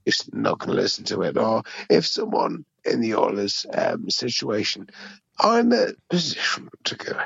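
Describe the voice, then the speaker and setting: A hoarse English man with almost no voice left leaves an emotional voicemail, his speech slow and deeply gravelly. His pitch swings widely, and the sound is dull and lo-fi. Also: wildly swooping pitch, a bit bright, no echo. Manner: emotional, swearing fan. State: hoarse, lost voice. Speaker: voicemail caller.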